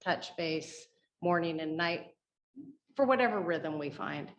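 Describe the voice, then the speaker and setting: Low-voiced female participant, candid and reflective, dull call audio. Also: expressive, unhurried. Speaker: training participant. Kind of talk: casual discussion.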